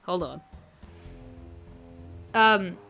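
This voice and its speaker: Bright-voiced New Zealand woman streaming a game. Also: on the low side, expressive, very slow, vocal fry, soft background music. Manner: rambling, sweary, self-mocking. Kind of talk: casual let's-play commentary.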